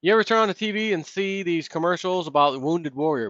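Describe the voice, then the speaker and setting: A man's voice: high voice, expressive, quick pace, fairly bright tone, no echo. A man hosting his own commentary vlog, ranting sarcastically about politics. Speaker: vlog host. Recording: dull, lo-fi, dry.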